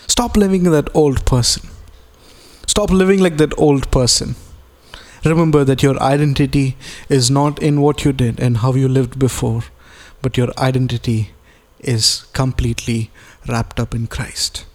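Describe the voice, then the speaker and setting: A man's voice: medium pitch, steady tone, a little slow, darkish tone. A man preaching a sermon as a pastor, earnest and repeating key phrases, reading scripture aloud and explaining it plainly.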